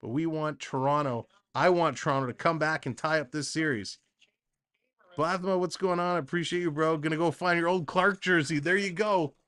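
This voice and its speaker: Speaking at a normal speed in a fairly high voice, a man calls live hockey action on his stream. Between calls he reads and responds to viewer comments, staying chatty and excitable throughout.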